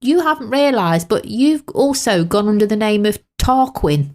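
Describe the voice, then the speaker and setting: A woman's voice: medium pitch, expressive, normal speed, a little mellow. A woman co-hosting a casual chat podcast, telling cheeky stories and laughing often. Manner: giggly, storytelling, cheeky. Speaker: podcast co-host.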